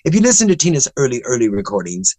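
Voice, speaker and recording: A man's voice: mid-range voice, huge pitch swings, fast, mellow, no room sound, rough recording. Chatty older man telling stories. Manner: chatty, rambling, with many restarts and ums. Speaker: interview guest. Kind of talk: animated anecdotal storytelling.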